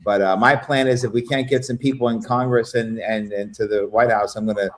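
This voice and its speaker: A man's voice: fairly low pitch, fairly even intonation, fairly quick. A man in casual, profane chat on a livestream, rambling through stories and laughing at his own jokes. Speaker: livestream panel guest.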